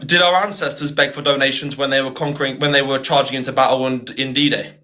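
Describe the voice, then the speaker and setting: A man's voice: mid-range voice, fairly even intonation, fast, sharp tone. A young British man hosting a live stream, taunting his guest and laughing often. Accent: British English. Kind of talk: mocking live-stream argument.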